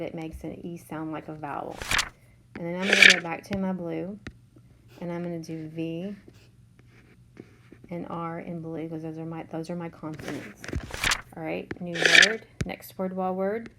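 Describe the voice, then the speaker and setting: A woman teaching a third grade class, slowly and patiently sounding out letters and words. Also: lowish voice, steady tone, heavy background noise. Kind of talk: remote spelling lesson.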